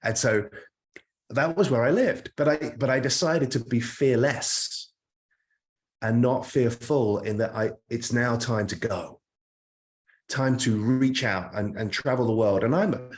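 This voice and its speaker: British male coach, earnest and emphatic, motivational online talk, middle pitch. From United Kingdom. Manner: earnest, emphatic, repeats words when stressing a point. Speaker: career coach.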